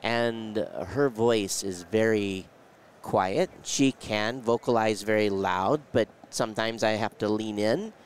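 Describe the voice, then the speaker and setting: A man's voice: fairly low pitch, takes it slowly, few pauses, slight background noise. A man hosting live interviews at a trade show, talking casually with many fillers and restarts. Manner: rambling, lots of fillers and restarts. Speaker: event show host.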